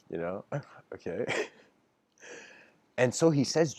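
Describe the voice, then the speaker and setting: Low-voiced man telling a story casually. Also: big pitch swings, slow pace, pauses often, dark tone, no echo. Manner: casual, laughs often, many fillers and restarts; acts out characters' lines in quoted voices. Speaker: lecturer. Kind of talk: informal storytelling lecture.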